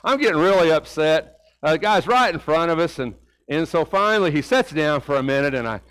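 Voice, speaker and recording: A middle-aged male preacher with a notably high-pitched voice delivers a conversational sermon in a church. His manner is folksy and down to earth, and he leans on rhetorical questions and repeated phrases as he tells a personal story. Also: animated, brisk, a bit bright, smooth, rough recording. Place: church sanctuary.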